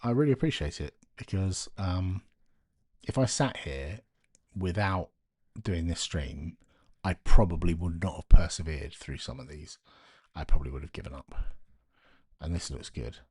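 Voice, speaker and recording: A man's voice: low voice, moderate pace, long pauses, breathy edge, no room sound, clean studio sound. A man hosting a casual live stream from home at night, keeping his voice down and talking to himself as he works. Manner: talks to himself while working, quiet and muttering.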